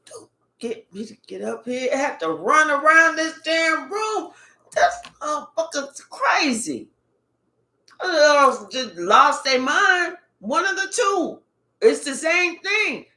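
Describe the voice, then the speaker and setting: High, slow-talking woman tarot reader. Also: roomy sound. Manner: animated, profane, emphatic outbursts. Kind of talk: casual live tarot reading.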